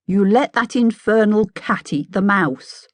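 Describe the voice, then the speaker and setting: A woman's voice: mid-range voice, expressive, unhurried, no room sound, pitched above the performer's own voice, lightly acted. A woman voicing a mad, sing-songy male hatter with an unhinged, wheedling manner in an audiobook. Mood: petulant. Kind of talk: audiobook character voice.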